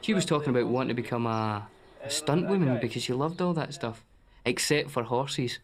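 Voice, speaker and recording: A man's voice: medium pitch, expressive, a little fast, crowd noise. Man speaking fondly in an interview. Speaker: actor. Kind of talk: documentary interview.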